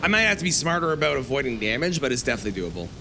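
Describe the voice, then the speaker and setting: A man's voice: mid-range voice, very animated, very fast, noisy background. A man streaming a game live, talking to his chat and grumbling at the game. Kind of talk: live gameplay commentary.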